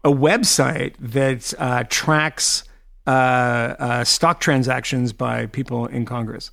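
A man's voice: medium pitch, fairly even intonation, slow, gravelly, fairly bright tone, no echo, clean studio sound. A man hosting a casual podcast panel, telling stories with lots of fillers and restarts. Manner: rambling storyteller, many fillers. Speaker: podcast host.

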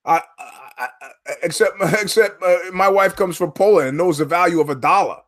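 A man's voice: high-pitched, moderate pace, fairly bright tone. A man hosting his own podcast, talking alone in a rambling, sardonic, profane way and drifting from one story to the next. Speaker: podcast host. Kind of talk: rambling solo commentary.

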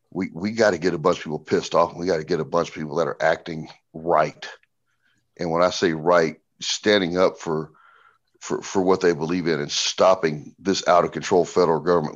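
A middle-aged man talking bluntly and profanely as a podcast guest, telling animated stories. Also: deep voice, dull audio. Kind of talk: casual podcast conversation.

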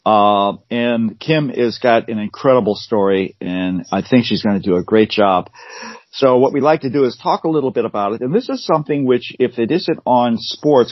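Podcast co-host: man, mid-pitched, easygoing and agreeable, on a dry, dull recording. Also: no echo. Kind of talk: casual chat.

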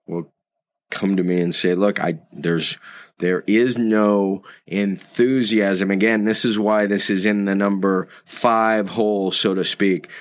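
A man leading a recorded course lesson, unhurried and reflective, fond of quotes and word origins. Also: on the low side, dry recording, studio quality. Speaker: course instructor.

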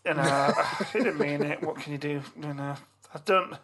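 A middle-aged man on a podcast, telling a story in casual chat with animated, swearing delivery. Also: a little high, normal speed, a little hiss or hum. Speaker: podcast co-host.

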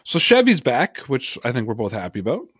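A man's voice: medium pitch, huge pitch swings, fairly quick, fairly bright tone, breathy edge, no echo, clean studio sound. A man co-hosting a sports podcast, talking casually and emphatically, repeating words for effect. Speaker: podcast co-host.

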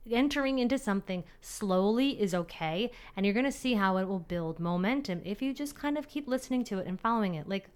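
Woman podcast host, trainer, casual and upbeat, clean smooth voice, mid pitch. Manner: chatty, upbeat, acts out inner voices. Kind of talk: solo podcast talk.

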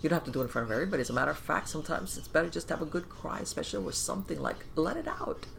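A woman podcast host giving conversational advice, animated and talking in loose run-on phrases full of fillers, often acting out inner voices. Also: sits low, rapid-fire, creaky, slight background noise. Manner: animated, acts out inner voices and quoted thoughts.

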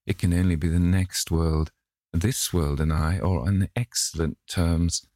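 A man voicing a witty, cynical aristocratic gentleman in an audiobook, drawling his epigrams. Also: sits low, steady tone, a little slow, dry recording, studio quality. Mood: amused. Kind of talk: audiobook character reading.

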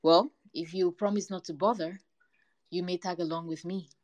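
A proud male lion, ruler of the bush, talking down to others, as a woman voices him. The voice is fairly low and haughty, in a storybook reading. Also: fairly even intonation, normal speed, a little mellow, close to an everyday voice.

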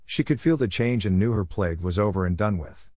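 A man reading the Bible aloud in a measured, steady delivery, announcing verse numbers as he goes. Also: lowish voice, no room sound, clean studio sound. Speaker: Bible reader.

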